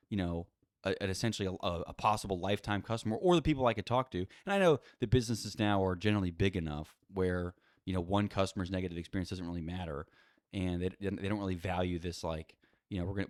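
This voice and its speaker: A man's voice: low voice, dry recording, clean studio sound. A man ranting casually and at length on his own podcast, exasperated and profane, full of "you know" and "like". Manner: rambling, profane, exasperated, many fillers. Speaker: podcast host. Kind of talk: casual solo rant.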